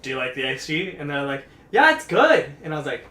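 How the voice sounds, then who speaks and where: A man's voice: fairly high pitch, sing-song, fairly quick, bright, forceful tone. A man co-hosting a podcast, telling a long rambling story in casual chat, full of "like" and quoted back-and-forth. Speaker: podcast co-host. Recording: roomy echoey room.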